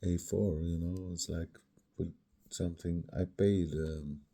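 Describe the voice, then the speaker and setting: A vlogger in his fifties with a sore throat rambles through a meandering personal monologue that trails off into mutters and whispers. His voice is deep and mellow, with little pitch movement and a measured pace.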